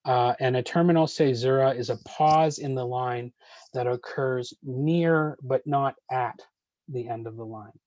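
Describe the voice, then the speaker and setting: A man leading an online poetry workshop, answering questions in a measured way with frequent ums and uhs. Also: mid-range voice, darkish tone, dry recording, lo-fi sound.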